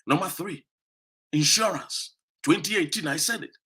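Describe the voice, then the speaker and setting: Ghanaian man, political commentator, fiery accusatory rant, slightly high voice, tense edge. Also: moderate pace. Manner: switches between English and Twi, repeats "what you say?"; emphatic, lively and accusatory. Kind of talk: political monologue.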